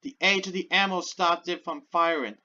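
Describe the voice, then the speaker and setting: A woman playing a visual novel, reading the text aloud and reacting with loud exclamations. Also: moderate pace. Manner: excitable, exclaims loudly, drops to a low voice for narration. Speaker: let's play gamer. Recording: dull lo-fi audio over game music.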